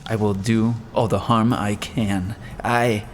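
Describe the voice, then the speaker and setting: A man's voice: fairly low pitch, little pitch movement, takes it slowly, soft background music. A man reading the part of a proud young countess who bitterly accuses her sister in an audiobook. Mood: furious.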